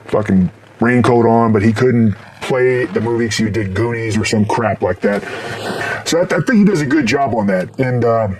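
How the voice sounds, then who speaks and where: A middle-aged man reviewing horror movies in a casual, rambling way, swearing constantly and breaking into loud laughs. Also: mid-range voice, a little hiss or hum. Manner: profane, rambling, bursts into loud laughs and shouts.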